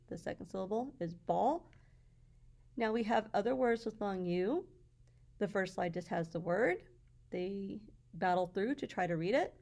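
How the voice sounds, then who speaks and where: A woman's voice: mid-range voice, warm tone. Woman teacher walking through slides. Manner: patient, explanatory, sounds out words slowly. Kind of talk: walkthrough of classroom slides.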